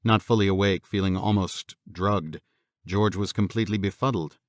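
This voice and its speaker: A man narrating a horror audiobook in a measured, steady storytelling manner. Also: low-pitched, dry recording, clean studio sound.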